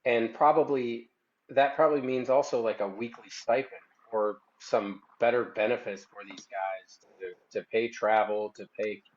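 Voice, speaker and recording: A man of middling pitch speaks as a podcast guest, rambling and often trailing off mid-thought. His voice comes over a dull, lo-fi line. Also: steady tone, normal speed. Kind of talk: casual chat.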